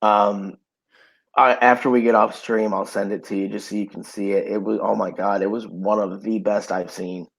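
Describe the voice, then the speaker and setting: A fairly low, creaky male voice with a breathy edge comes through at a moderate pace on a low-quality recording. Suffering from hiccups, he co-hosts a casual podcast at home, telling relaxed stories with many fillers.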